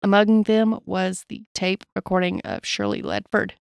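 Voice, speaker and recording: A woman co-hosting a true crime podcast reads gravely from a case account, breaking in with blunt personal asides. Her medium-pitched voice shows little pitch movement at a normal speed, recorded with studio quality and no room sound.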